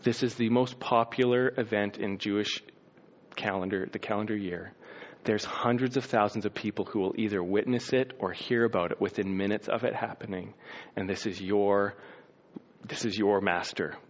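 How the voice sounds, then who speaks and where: Animated preacher man, lo-fi sound. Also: fairly low pitch, normal speed. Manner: animated storytelling, acts out scenes with sound effects. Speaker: pastor. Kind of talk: sermon.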